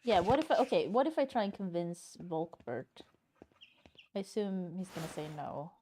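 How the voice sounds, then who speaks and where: A woman playing a story game and reading its dialogue aloud, thinking out loud casually and swearing often. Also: lowish voice, big pitch swings, normal speed, noisy background. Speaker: game streamer.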